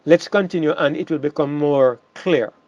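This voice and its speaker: A man's voice: a little high, normal speed, a little mellow, no echo, muffled recording. A man preaching a sermon, emphatic, often repeating words and restarting phrases.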